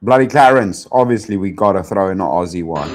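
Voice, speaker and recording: A man's voice: low voice, animated, fairly quick. A young South African man hosting a stream, chatting in a teasing, rambling, slangy way. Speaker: streamer host. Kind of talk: casual reaction stream chat.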